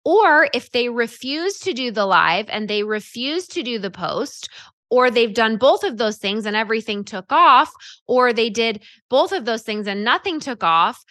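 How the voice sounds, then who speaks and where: A woman coaching direct sellers in a chatty, animated way, acting out example scripts as she goes. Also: fairly high pitch, unhurried, dry recording, clean studio sound. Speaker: sales coach. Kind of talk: coaching talk on social selling.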